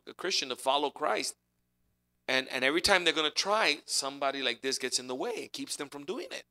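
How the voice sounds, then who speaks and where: A man preaching a sermon in a lively, conversational way, using chairs as props to make his point. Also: mid-range voice. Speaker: pastor.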